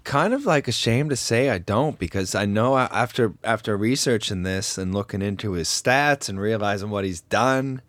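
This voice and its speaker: A man's voice: lowish voice, moderate pace, few pauses, a bit bright, no room sound. A young adult man co-hosting a casual hockey chat, talking loosely with many fillers. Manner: filler-heavy, says "like" a lot. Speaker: podcast co-host.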